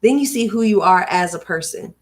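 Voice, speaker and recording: A woman's voice: medium pitch, expressive, brisk, natural voice. A woman voicing a middle-aged divorced man who tells his story earnestly in a put-on accent, read aloud from a book.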